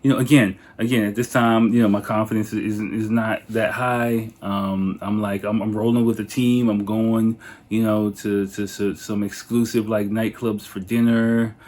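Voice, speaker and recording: A man's voice: fairly low pitch, little pitch movement, moderate pace, a little mellow. A man hosting a podcast, telling a rambling story in a casual, profane, laid-back way. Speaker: podcast host.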